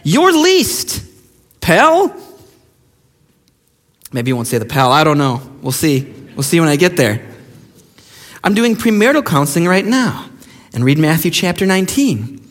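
Animated pastor in a reverberant hall. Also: male voice, on the high side, fairly quick. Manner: emphatic, mocking quoted voices. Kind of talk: sermon.

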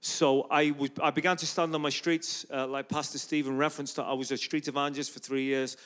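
A man from Ireland with a medium-pitched, smooth voice preaches briskly in a church. A guest preacher and street evangelist, he gives a storytelling sermon, animatedly acting out plenty of dialogue.

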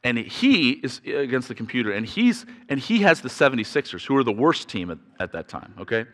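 A man's voice: mid-range voice, brisk. Man preaching in a reverberant hall. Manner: chatty storytelling with restarts, rising loud when excited. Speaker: pastor. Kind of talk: sermon. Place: church sanctuary.

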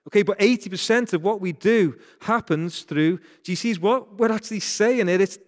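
A man's voice: sits high, in a large hall. A man with a Northern English accent preaching a sermon as pastor, earnest and repeating phrases for emphasis.

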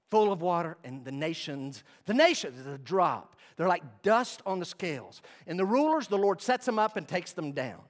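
A middle-aged pastor delivers a sermon in a fairly high male voice. He swings from loud, emphatic bursts down to quiet, low-voiced passages.

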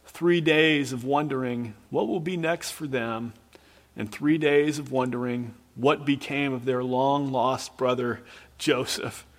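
A man's voice: mid-range voice, steady tone, measured pace, in a large hall. A man preacher in earnest, dramatic storytelling mode, retelling a scripture scene with emphatic repetition.

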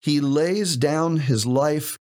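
A man's voice: fairly high pitch, takes it slowly, a little mellow. A man co-hosting a podcast, teaching from scripture in an emphatic, conversational way and asking rhetorical questions. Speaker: podcast co-host and preacher.

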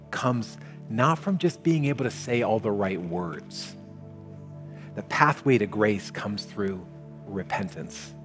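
A man preaching a sermon as pastor, talking in a conversational, animated way. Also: lowish voice. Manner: conversational, animated, shifts into quoted voices. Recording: long hall reverb, faint music.

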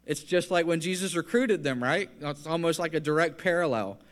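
A man's voice: on the high side, expressive, a little fast. A man preaching a sermon in an earnest, conversational way, building to emphatic points.

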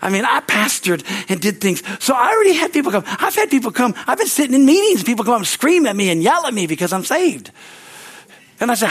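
A man's voice: very high-pitched, sing-song, fast, slightly rough. A man preaching as pastor, rambling and repeating words, often calling out amen. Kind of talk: sermon.

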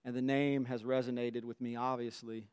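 A man's voice: mid-range voice, flat delivery, normal speed, darkish tone, clean tone. A man in his forties, telling a personal story in an earnest, emotional way.

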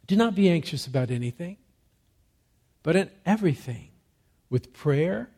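A man's voice: on the high side, animated. Man preaching a dynamic sermon. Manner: swings from soft, slow emphasis to loud, rising exhortation; asks rhetorical questions and answers them. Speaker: pastor.

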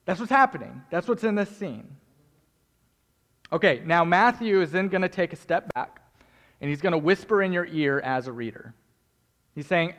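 Man, pastor, lively joking sermon, high voice, long hall reverb. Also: moderate pace. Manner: animated, joking, talks to the congregation.

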